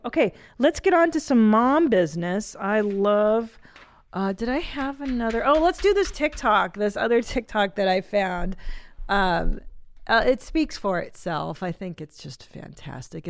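A woman's voice: medium pitch, vocal fry, no echo. Foul-mouthed woman in her forties chatting. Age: 40s. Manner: swearing, animated, quick tangents. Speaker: podcast host. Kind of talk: casual comedic chat.

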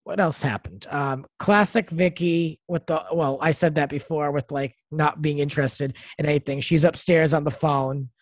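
A podcast co-host chatting casually and giving opinions with quick asides. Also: mid-range voice, fairly even intonation, dry recording. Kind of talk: casual chat recapping reality TV.

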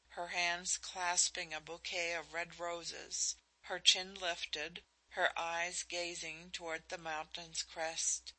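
A woman narrating a novel as an audiobook, in a measured, expressive reading. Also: on the low side, low-quality recording.

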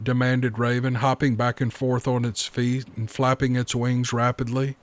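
Male narrator, mid-pitched, measured storytelling, dry booth sound. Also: steady tone, no room sound.

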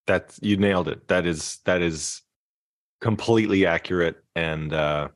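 Guy on a podcast, lowish voice, dry close sound, thinks out loud. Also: unhurried, no echo. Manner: reflective, many restarts and soft fillers. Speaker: podcast guest, singer-songwriter and keynote speaker. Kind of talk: conversational podcast interview.

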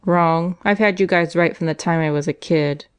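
A woman's voice: on the low side, moderate pace, clear, resonant tone, lightly acted. Woman voicing a sneering young male convict. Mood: growling. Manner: sneering, growling. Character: male prisoner, young adult, sullen and defiant.

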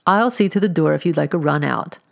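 A woman voicing a brisk, practical landlady in a storybook reading. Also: low voice, gravelly. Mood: kindly.

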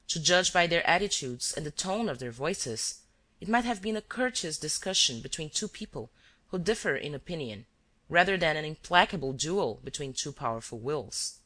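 An audiobook reader narrating a novel in an even, unhurried way. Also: medium pitch.

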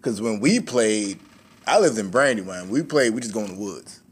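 Podcast co-host, male, lively pitch, swears and laughs a lot while recapping scenes. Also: moderate pace, slightly rough. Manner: animated, laughs often, swears freely. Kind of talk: casual chat recapping a movie.

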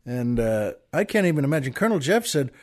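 A man's voice: mid-range voice, big pitch swings, fast talker. A man hosting a show, rambling with many restarts as he tells a long joke. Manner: rambling, with frequent restarts and stammers. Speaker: podcast host. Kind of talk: casual chat and joke telling.

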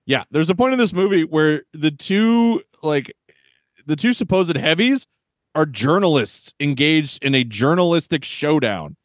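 A man in his thirties co-hosting a podcast, joking about old movies in a wisecracking, animated way and laughing often. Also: on the high side, measured pace, no room sound, studio quality. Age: 30s. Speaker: podcast co-host. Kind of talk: casual movie-review chat.

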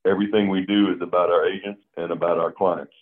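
Deep voice guy talking business, plain and earnest, tinny like a phone. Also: little pitch movement, fast talker. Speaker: insurance agency owner, guest. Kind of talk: casual interview chat.

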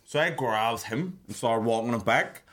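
A man's voice: medium pitch, animated, moderate pace, a bit bright. A man in his twenties telling stories in casual podcast chat, swearing a lot and laughing as he goes.

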